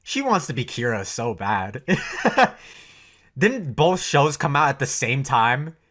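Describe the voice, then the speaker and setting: A man giving casual, animated reaction commentary while watching anime, swearing freely and laughing often. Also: medium pitch, slow.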